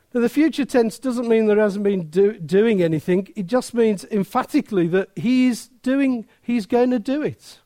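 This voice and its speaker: A man preaching a sermon, animated and emphatic, slowing down and getting loud to drive points home. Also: very high voice.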